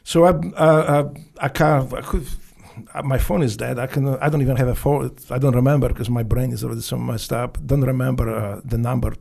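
A man with a gravelly, dark voice and a Polish accent tells his stories as a guest in an interview. He swears freely, restarts his sentences and speaks broken English. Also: mid-range voice, fairly even intonation. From Poland. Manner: blunt, profane, halting with restarts and broken English. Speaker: guest, former Navy SEAL. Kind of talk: casual storytelling interview.

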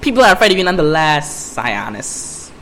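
A man's voice: a little high, very animated, brisk, sharp tone, slight background noise. A man doing a comedic impression of a brash, crude female antihero, with a voice that drifts toward British. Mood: sassy. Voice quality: mixed British-like accent by mistake. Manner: sassy, profane teasing.

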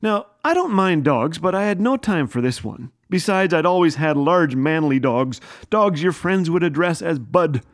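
A man hosts a radio show and tells a humorous family anecdote with self-deprecating wit. His voice sits a little high and swoops constantly, landing punchlines with drops in pitch. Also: animated, normal speed. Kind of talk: humorous storytelling.

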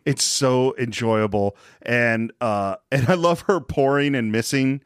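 A man's voice: medium pitch, unhurried. A man hosting a podcast in casual chat, telling the story enthusiastically. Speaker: podcast host.

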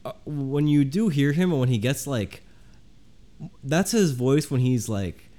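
A man's voice: medium pitch, expressive, measured pace, dark tone. A man co-hosting a comedy podcast, chatting casually and rambling with lots of fillers. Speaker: podcast co-host.

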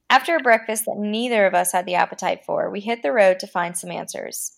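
A woman podcast host reading a horror story aloud, with a dramatic delivery that slows down for the creepy lines. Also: mid-range voice, creaky.

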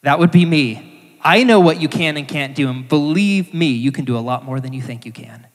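A man's voice: fairly high pitch, expressive, normal speed, natural voice. A man voicing God as a patient, commanding presence, speaking plainly and reassuringly in an echoey hall.

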